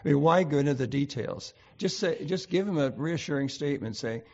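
A man's voice: fairly high pitch, lively intonation, brisk, a little mellow, lo-fi sound. A man hosting an informal Bible study, thinking aloud with many fillers as he reads and explains scripture.

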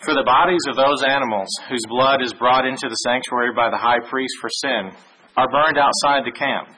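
A man giving a Bible lesson, reading verses aloud in a measured way with small restarts. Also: medium pitch, pushed and bright, a little hiss or hum, low-quality recording. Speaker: Bible teacher. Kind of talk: sermon with scripture reading.

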